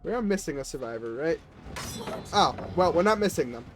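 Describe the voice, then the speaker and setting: A man's voice: fairly high pitch, lively intonation, a little fast. A man who is a little sick, chatting casually with viewers and players as he streams a game.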